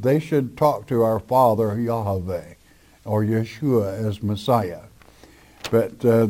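Pastor guy reading out letters n answering em, mellow low-ish voice, blunt, stretches words out to make a point. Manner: blunt, plain-spoken, slow emphatic spelling out. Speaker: pastor answering listener questions. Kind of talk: Bible question-and-answer teaching.

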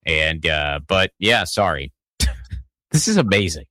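A man's voice: deep voice, big pitch swings, takes it slowly, pushed and bright, no room sound. A man from Pittsburgh hosting a casual political talk show, rambling with lots of stammered restarts and profanity. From Pittsburgh, Pennsylvania. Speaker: podcast host.

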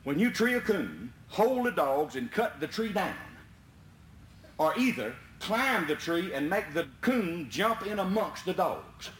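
A country tree climber hollers for help in high, frantic yelps, as a storytelling man puts him on. The voice jumps all over the place. The sound is roomy, with a faint hum behind it. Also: sing-song, measured pace, fairly bright tone, full character voice. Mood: earnest. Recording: roomy echo, faint background noise.

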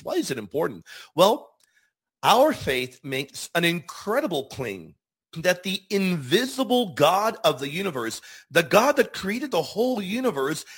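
Fervent, husky-voiced man hosting a devotional show. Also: on the high side. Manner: fervent, emphatic preaching with slowed stresses. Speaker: Catholic show host.

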